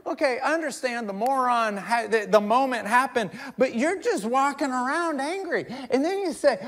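A middle-aged male pastor preaching a conversational sermon, joking with the crowd and swinging between quiet asides and loud emphatic bursts. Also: very high-pitched, lively intonation, normal speed, hardly any pauses. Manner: conversational, jokes with the congregation.

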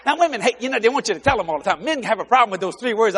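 An older man preaching a sermon, telling joking stories with exuberant bursts of shouting. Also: extremely high pitch, expressive, very fast, few pauses, husky.

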